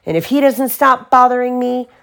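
A woman voicing a fiery, bossy little girl bear cub in a children's storybook read-aloud, sounding indignant and quick to protest. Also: high voice, animated, vocal fry, sharp tone, voice pushed up, exaggerated voice.

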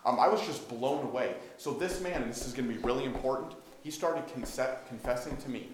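A man's voice: medium pitch, brisk. A man giving a conversational sermon, telling stories, acting out dialogue and asking his listeners questions. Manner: storytelling, acts out dialogue, asks the audience questions. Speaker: preacher. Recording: echoey room with faint background noise.

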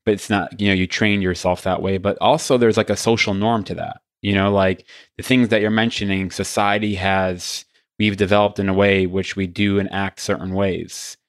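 Male host, lowish voice, dry close sound, rambling filler-laden questions. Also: flat delivery, moderate pace, no echo. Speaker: interview host. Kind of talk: conversational interviewing.

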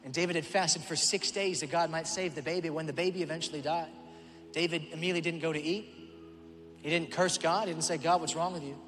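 A male pastor preaching a sermon, telling the story in an animated way and acting out voices. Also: a little high, fast talker, in a large hall, a little hiss or hum. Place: church auditorium.

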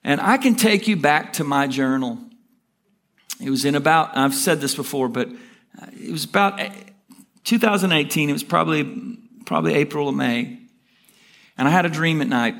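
A man preaching a sermon as a pastor, telling stories in an energetic, hurried way and pushing his voice up for emphasis. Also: creaky. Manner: energetic, rushing storyteller with rising emphatic pitch.

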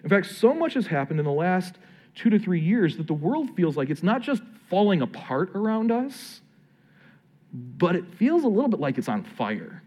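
A man, a pastor, preaching a sermon in a conversational, earnest way, slowing down for emphatic phrases. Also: high voice, sing-song, a little mellow.

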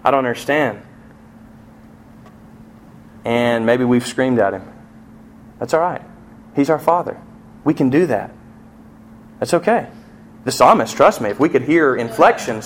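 A middle-aged man preaching to his church at a mid pitch, voice rising and falling as he acts out the stories he tells. A faint hum of room noise sits behind him. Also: lively intonation, a little slow, pauses often. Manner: storytelling with vivid acted-out quotes and swings in loudness. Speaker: pastor. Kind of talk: sermon.

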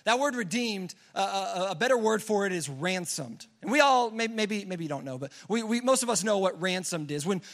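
Preaching to teenagers with casual energy, a young adult youth pastor gets the group going with call-and-response. He has a high-sitting voice.

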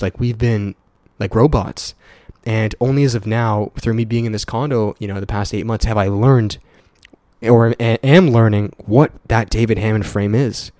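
Earnest young man, low dry voice. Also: darkish tone, no echo. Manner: earnest, profane, repeats words for emphasis; speaks straight to listeners as "guys". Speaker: podcast host. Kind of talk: casual motivational solo podcast talk. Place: at home in a condo.

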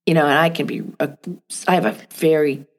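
A middle-aged woman speaking gently and thoughtfully on a podcast, asking reflective questions. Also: sits low, steady tone, fairly quick. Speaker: guest.

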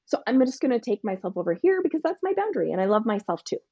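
A woman coach talks on a podcast in a punchy, emphatic way, now and then acting out both parent and teen. Her voice is mellow and husky, and the recording sounds dry and a little dull. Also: a little high, very animated, brisk, hardly any pauses, no echo. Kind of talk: podcast interview answer.

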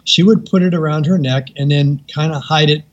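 A man tells a story as a guest on a podcast, with a husky and slightly high voice. He brings the people in it to life with raised, lively character voices. The recording sounds dull and lo-fi. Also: brisk. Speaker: veterinarian and author, guest.

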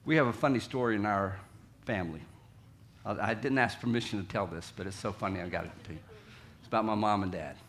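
A man preaching a sermon to his congregation in a conversational way, dropping low and quiet, then acting out quotes loudly. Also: fast, a little hiss or hum. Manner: conversational, acts out quotes with big swings from quiet to loud. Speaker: pastor. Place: church sanctuary.

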